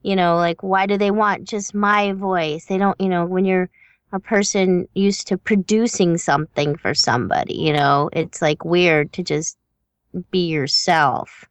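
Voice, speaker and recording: A woman's voice: lowish voice, fairly even intonation, measured pace, smooth, no room sound. A woman hosting a casual interview, chatty and reflective, with many fillers as she thinks aloud. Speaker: interview host and voiceover performer.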